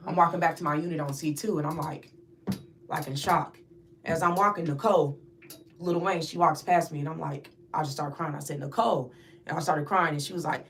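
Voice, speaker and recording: Woman telling a vivid story, low voice. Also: fast talker, a little hiss or hum. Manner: vivid retelling, acts out others' voices, repeats words when upset. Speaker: interview guest. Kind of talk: emotional personal storytelling.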